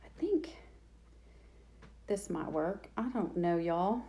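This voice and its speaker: A woman's voice: fairly low pitch, big pitch swings, takes it slowly, mellow. A woman hosting a live craft demo, chatting with viewers and thinking aloud as she works. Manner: chatty, self-deprecating, thinking aloud while working. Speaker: DIY crafts host.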